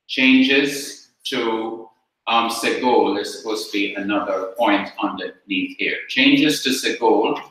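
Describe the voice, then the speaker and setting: A man with a Jamaican accent teaching Hebrew grammar in a slow, deliberate classroom lecture, repeating his points. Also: medium pitch, pushed and bright. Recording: very echoey room.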